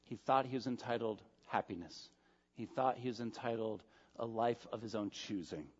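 A male pastor preaching a sermon, emphatic, swinging between loud stresses and soft, quiet asides. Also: mid-range voice, moderate pace, husky. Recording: dull sound with long hall reverb.

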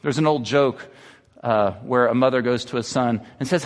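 A man's voice: mid-range voice, normal speed, in a large hall. A man in his thirties, a pastor, preaching an earnest sermon that moves from personal confession to exhortation. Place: church sanctuary.

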